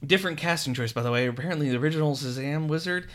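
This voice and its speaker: A man co-hosting a casual film discussion, animated and fond of retelling scenes in quoted voices. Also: on the high side, rapid-fire. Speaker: podcast co-host.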